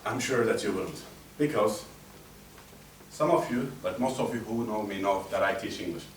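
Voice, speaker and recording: A man giving a humorous speech at a speaking club, telling stories in a chatty, animated way. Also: on the low side, moderate pace. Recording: roomy echo, distant mic, faint hum.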